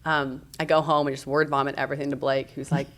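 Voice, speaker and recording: Woman, 30s, low pitch, animated, acts out quotes, podcast guest. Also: fast talker. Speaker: guest, parenting speaker. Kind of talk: conversational podcast storytelling.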